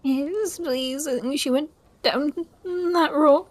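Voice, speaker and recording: Lost crying little kid, put on by a woman, very high pitch, pleading, tearful, tabletop game. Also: slow.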